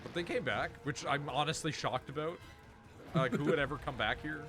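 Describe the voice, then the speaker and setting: A man's voice: fairly high pitch, fairly quick, over music. A Canadian man from Ontario hosting a casual gaming stream, rambling and swearing as he interrupts himself. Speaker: streamer host.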